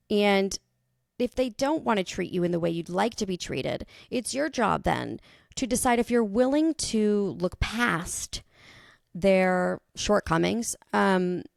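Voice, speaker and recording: Woman host, 30s, casual unscripted podcast monologue, creaky, dry close mic. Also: mid-range voice, dry recording. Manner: rambling, thinks out loud, swears.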